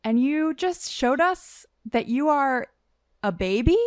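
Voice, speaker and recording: A woman's voice: high voice, expressive, slow pace, dry recording, clean studio sound. A woman in her thirties co-hosting a casual basketball podcast, chatty and self-deprecating with lots of fillers. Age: 30s. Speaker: podcast co-host. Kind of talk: casual sports chat.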